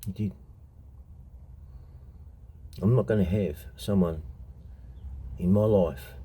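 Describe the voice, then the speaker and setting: Husky, gravelly-dark Australian man ranting. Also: low voice. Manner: blunt, heated, profane ranting. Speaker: show host telling stories. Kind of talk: unscripted monologue.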